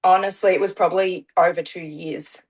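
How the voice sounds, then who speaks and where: Aussie mum chatting in an interview, lowish voice, lots of ums, middle-aged. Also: female voice, fairly even intonation, brisk, low-quality recording. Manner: chatty, many "um" fillers. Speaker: guest, parent. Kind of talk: casual interview storytelling.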